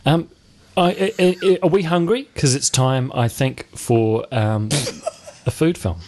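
A man's voice: medium pitch, measured pace, a little mellow. A man hosting a casual film review chat, wry and rambling, with frequent restarts. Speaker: film review show host.

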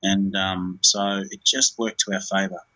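A man's voice: sits low, flat delivery, unhurried, sharp tone, low-quality recording. A man, a film director, talking in an interview in a rambling way, with many fillers and restarts.

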